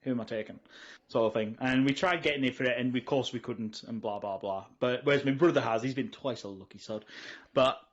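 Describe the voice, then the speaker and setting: A middle-aged man, co-hosting a casual podcast chat and rambling through animated stories with lots of restarts. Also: mid-range voice, brisk. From England. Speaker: podcast co-host. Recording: dull lo-fi audio.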